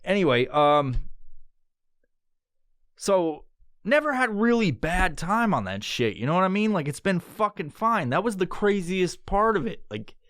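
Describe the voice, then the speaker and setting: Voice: mid-range voice, unhurried, no room sound. Podcast host rambling a story, cussing nonstop, voice jumping all over, dry close mic. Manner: profane, animated, acts out quotes with yelps and laughs. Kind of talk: casual storytelling.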